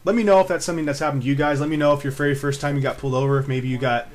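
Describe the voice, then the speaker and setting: A man's voice: mid-range voice, fairly even intonation, racing, background noise. Rambling, laid-back young man vlogging. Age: 20s. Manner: rambling and laid-back, with frequent fillers and swearing. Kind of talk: casual storytelling to camera.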